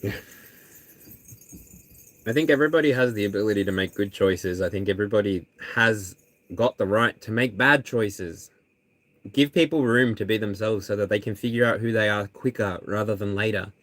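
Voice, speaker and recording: This is a tarot reader hosting a live stream. The talk is candid and earnest, rambling loosely with plenty of ums and restarts, in a middle-pitched voice. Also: normal speed. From Australia. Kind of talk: casual live stream chat.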